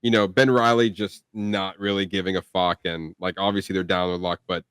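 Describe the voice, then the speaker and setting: A man's voice: low voice, level tone, fairly quick, a bit bright, clear, resonant tone, dry recording, clean studio sound. A young man co-hosting a film review podcast, chatting casually and rambling with plenty of fillers. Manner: rambling, lots of "like" and restarts. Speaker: podcast co-host.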